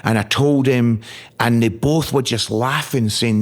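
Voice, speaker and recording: A man's voice: medium pitch, fairly even intonation, measured pace. A middle-aged man from Scotland, an evangelist guest telling his story earnestly and with feeling, often repeating words as he is moved. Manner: earnest, emotional, repeats words when stirred. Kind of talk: storytelling in a podcast interview.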